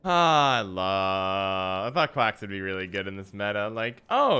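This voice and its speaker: A gaming streamer gives live card game commentary, bantering with his audience and needling opponents mid-match. He speaks a little slowly with few pauses, in a fairly low, sing-song voice. The tone is bright, forceful and clean.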